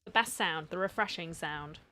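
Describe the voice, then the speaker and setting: A woman's voice: on the low side, moderate pace, pushed and bright. A woman streaming from home, chatting casually with her viewers and greeting them by name, a little tired from the heat. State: tired from heat and poor sleep. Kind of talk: casual live-stream chat.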